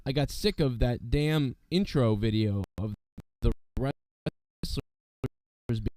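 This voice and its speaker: A man's voice: mid-range voice, slow, warm tone, no room sound. A man hosting a wrestling talk show, rambling in casual chat with many fillers while sick with a worn voice. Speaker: wrestling podcast host.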